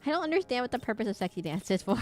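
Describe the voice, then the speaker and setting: A woman's voice: on the high side, very animated, rapid-fire, darkish tone, soft background music. A young woman streaming a game, chatting casually and thinking aloud in a rambling way. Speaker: VTuber streamer. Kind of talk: casual gaming stream chat.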